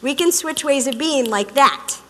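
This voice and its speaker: Animated, emphatic female speaker with a high voice; talk in a large echoing hall. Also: unhurried. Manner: animated and emphatic, acting out quotes. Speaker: relationship speaker. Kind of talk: humorous talk to a live audience. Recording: long hall reverb.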